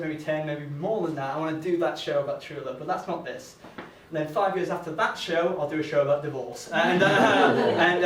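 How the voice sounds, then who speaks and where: A man doing a stand-up comedy set, halting and rambling with lots of uhs and restarts. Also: high-pitched, a bit bright, slight background noise. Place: comedy venue stage. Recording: echoey room from a distance.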